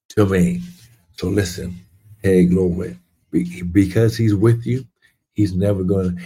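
Slow, husky-voiced male preacher. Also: lowish voice, dark tone. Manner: fervent, repeats phrases and calls out to listeners. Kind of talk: sermon.

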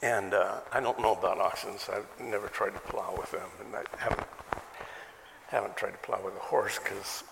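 A man's voice: on the low side, fairly even intonation, moderate pace, vocal fry. A male pastor giving a conversational sermon, full of rhetorical questions and self-deprecating humor, recorded live in a church. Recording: live sermon with hall reverb and faint noise.

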